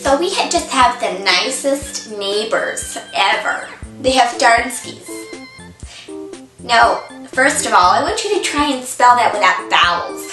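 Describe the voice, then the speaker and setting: A woman puts on a daffy, chatty middle-aged mom, pitched very high and swooping all over the place. She rambles along in a slow, echoey room, a little off the mic, with music playing behind her. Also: far from the mic, full character voice. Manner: rambling, folksy, chirpy with sudden shrill outbursts. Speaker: comic character monologue. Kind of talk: comedy sketch monologue.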